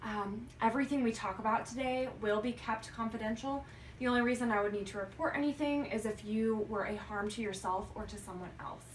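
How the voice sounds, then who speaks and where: A young woman playing a hospital social worker in a practice interview, speaking gently and carefully with frequent ums. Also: on the high side, steady tone, fairly quick. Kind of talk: practice interview role-play. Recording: roomy, distant mic with faint noise.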